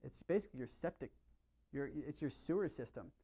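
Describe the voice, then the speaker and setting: A middle-aged man, a chiropractor, giving an energetic, conversational health talk to his patients and often asking them questions. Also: mid-range voice, fairly quick, husky. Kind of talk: live workshop talk to patients.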